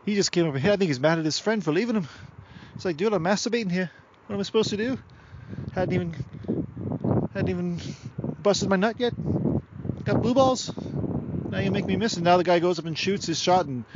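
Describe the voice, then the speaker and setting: A man voicing a crude, excitable sports commentator with a put-on loose Australian accent, calling play outdoors. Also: a little high, very fast, dull audio, background noise, pitched above the performer's own voice, close to an everyday voice. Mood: rowdy. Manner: profane, rowdy play-by-play. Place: outdoors beside a park golf course.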